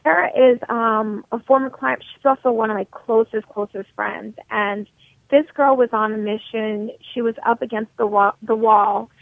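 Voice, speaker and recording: A woman from New York in her thirties, a motivation coach talking as a radio guest in a blunt, energetic, straight-talking way over the phone. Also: fairly high pitch, normal speed, creaky, no echo. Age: 30s. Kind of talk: radio interview. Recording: tinny phone line, dry.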